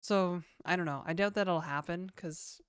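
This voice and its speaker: Laid-back Canadian woman streamer, low voice. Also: measured pace, clean tone, dry recording, clean studio sound. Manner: laid-back, reads viewer questions aloud and answers them. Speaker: livestreamer. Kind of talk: casual livestream chat.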